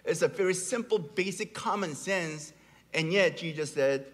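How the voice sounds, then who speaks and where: A man's voice: a little high, normal speed, fairly bright tone. Middle-aged male pastor preaching in a reverberant hall. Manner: storytelling with rising, emphatic peaks. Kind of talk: sermon. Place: large church hall.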